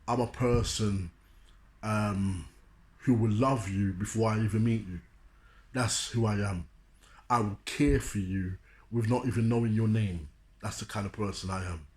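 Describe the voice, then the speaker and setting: A man from London with a London accent, giving a preachy motivational talk and repeating "you know what I'm saying". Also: lowish voice. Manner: addresses listeners like a preacher. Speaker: street speaker.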